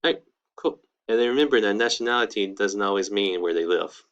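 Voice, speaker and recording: A young man in his twenties gives a relaxed online language lesson and keeps saying "all right, cool" between points. His voice sits on the low side. The recording sounds slightly dull and lo-fi. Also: fairly quick, smooth. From United States. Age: 20s. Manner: casual, upbeat, peppered with "all right, cool". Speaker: Spanish teacher.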